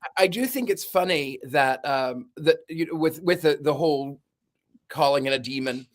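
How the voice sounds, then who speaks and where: A man who works as a paranormal investigator and medium, telling lively stories in a casual podcast chat. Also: a little high, moderate pace. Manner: animated storyteller, acts out voices and screams.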